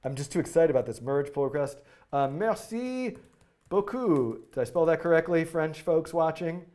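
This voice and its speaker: Male live-stream coding host, high-ish voice, excitable, rambling, lots of fillers. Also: quick pace. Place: indoor studio.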